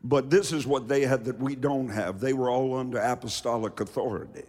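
A man preaching a fiery sermon from the pulpit, dropping to low asides and rising to shouted refrains. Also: steady tone, brisk. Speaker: pastor. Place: church sanctuary with reverb. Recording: hall reverb from a large church.

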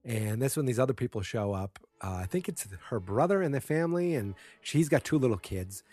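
A man's voice: medium pitch, expressive, fairly quick, dark tone. A man casually retelling a TV episode, rambling with fillers and restarts and briefly acting out characters' lines. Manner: acts out character lines with small voice shifts. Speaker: TV episode recapper. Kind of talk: casual spoken recap.

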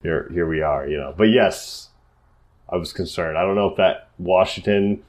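A man co-hosting a podcast in casual chat, congested and animated, swearing often. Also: sits low, moderate pace. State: congested from covid. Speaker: podcast co-host.

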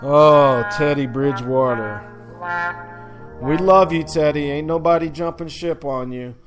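A man from the upper Midwest hosts a casual sports talk segment, chatting loosely with slang and fillers. His voice sits a little high for a man. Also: measured pace, over music. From upper Midwest of the United States.

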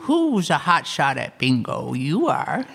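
A man's voice: fairly high pitch, huge pitch swings, unhurried, vocal fry, heavy background noise, exaggerated voice. A man voicing a gushing adult who coos in sing-song baby talk. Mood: cooing.

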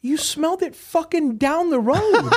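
A man's voice: extremely high pitch, a bit bright. A man from Southern California, a crime scene cleaning business owner, telling blunt, profanity-laced stories as a podcast guest. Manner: profane, blunt, swears constantly. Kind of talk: casual podcast storytelling.

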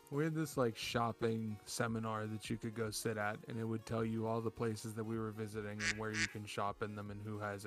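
A man co-hosting a podcast, telling party stories in casual chat with a laid-back, swearing manner. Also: lowish voice. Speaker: podcast co-host.

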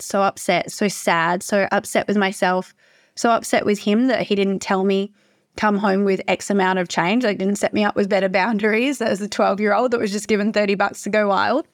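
A woman's voice: mid-range voice, steady tone, no room sound. Aussie woman podcaster, young, spilling a personal story, mid voice, dry close sound. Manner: emotional, confessional, quick bursts of repetition. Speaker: podcast host.

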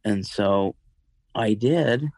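A man shares a personal story as an interview guest, in a fairly low voice. He talks in halting bursts full of restarts and fillers, and the sound is dry and close with no room around it. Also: a little mellow, no echo, low-quality recording.

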